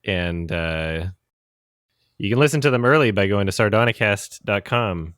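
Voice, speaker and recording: A man's voice: lowish voice, moderate pace, a bit bright, no echo, studio quality. A man co-hosting a podcast, sarcastic and laughing often, with frequent swearing as he reads out plugs. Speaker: podcast co-host. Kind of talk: casual podcast chat.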